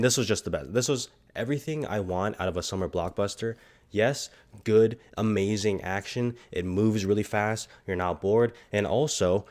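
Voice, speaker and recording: Congested young guy hyped about a movie, swears a lot, lowish voice. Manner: excited, slangy and profane. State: congested, stuffy nose. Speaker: film reviewer. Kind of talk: casual vlog review.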